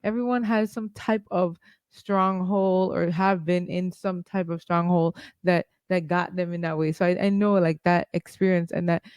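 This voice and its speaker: A man's voice: high voice, fairly even intonation, normal speed, clear, resonant tone, no room sound. A man co-hosting a podcast, chatting casually about faith and agreeing often with lots of "like" fillers. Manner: agreeable, lots of "like" and soft "mm" backchannels. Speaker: podcast co-host.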